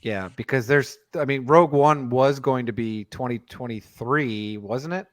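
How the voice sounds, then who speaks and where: A man's voice: mid-range voice, a little slow, no echo, studio quality. A man co-hosting a podcast in casual chat, rambling and digressive with lots of fillers. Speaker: podcast co-host.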